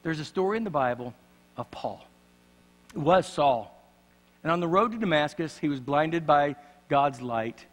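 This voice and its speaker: A man preaching a sermon in a church, swinging dramatically from loud passages to hushed ones. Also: a little high. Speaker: pastor. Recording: long church reverb.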